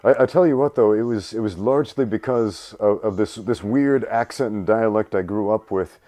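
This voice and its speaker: A martial artist appears as a guest on a podcast, talking earnestly in a discussion. He has a hybrid British and American accent and a mellow, lowish voice at normal speed.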